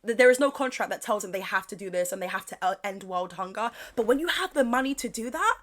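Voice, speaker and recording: A woman's voice: mid-range voice, fast talker. A young woman vlogger with a British accent that drifts toward Australian, giving sassy, sarcastic commentary. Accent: British, slipping into Australian. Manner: sassy, sarcastic, animated asides. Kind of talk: casual commentary vlog.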